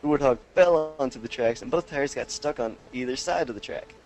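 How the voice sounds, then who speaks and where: A man's voice: medium pitch, fairly quick, darkish tone, low-quality recording. A young man co-hosting a gaming podcast, reading a listener's story aloud and chatting casually. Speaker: podcast co-host.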